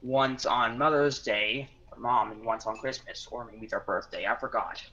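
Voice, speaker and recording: A man talking as a guest over an online call, self-conscious and a little halting as he speaks. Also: mid-range voice, fairly even intonation, pushed and bright, dull audio. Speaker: podcast guest.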